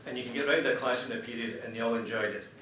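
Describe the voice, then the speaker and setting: Bright-voiced man introducing poems. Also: medium pitch, steady tone, distant mic. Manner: measured, explanatory. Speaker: presenter of poems. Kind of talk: poetry reading and introduction. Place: conference hall. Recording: roomy hall with faint noise.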